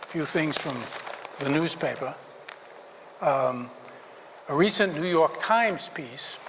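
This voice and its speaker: Middle-aged male publisher, dry wit, halting delivery, a bit high-pitched, light room noise. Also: fairly bright tone, big-room sound, rough recording. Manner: dry joking, hesitant with fillers. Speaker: newspaper publisher. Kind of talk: after-dinner speech with jokes.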